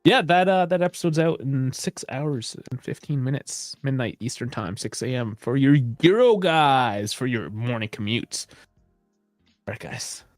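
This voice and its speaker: A man's voice: medium pitch, expressive, unhurried, no room sound, clean studio sound, faint music behind. A man hosting a sports podcast, bantering casually and swearing loosely. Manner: loose, profane banter with frequent laughs. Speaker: podcast host. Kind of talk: casual chat.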